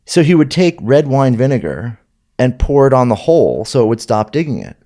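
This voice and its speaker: A man's voice: mid-range voice, big pitch swings, fairly quick, warm tone. A man, a weightlifting coach, guesting on a podcast, telling stories in a dry, sarcastic way. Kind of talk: casual podcast chat.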